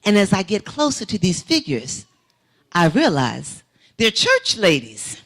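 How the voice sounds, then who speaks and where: A woman preaching a testimony in a church sanctuary. Her voice is lively and full of movement, carrying her story along with rising, emphatic swells. She speaks as a guest speaker in a sermon. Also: mid-range voice, unhurried.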